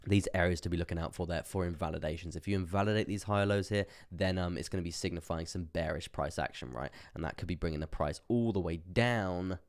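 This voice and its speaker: Low-voiced young man, chatty. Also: quick pace, few pauses. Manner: chatty, laughs often, repeats words, reads chat aloud. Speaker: crypto livestream host. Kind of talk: casual live market commentary.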